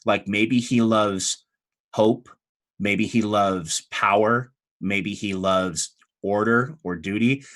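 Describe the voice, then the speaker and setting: Bright-voiced man running a tabletop game. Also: lowish voice. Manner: relaxed, chatty narration with fillers. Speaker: game master.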